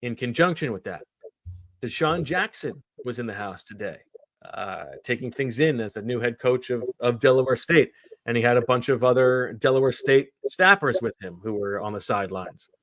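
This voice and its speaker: A man's voice: mid-range voice, normal speed, no echo. Man chatting about sports, dry sound. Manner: animated storyteller. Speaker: sports podcast host. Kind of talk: casual sports chat.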